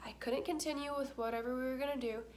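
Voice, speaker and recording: A woman's voice: sits high, steady tone, fast, darkish tone, slight background noise. A young adult woman vlogging in casual chat, candid and talkative, with frequent filler words.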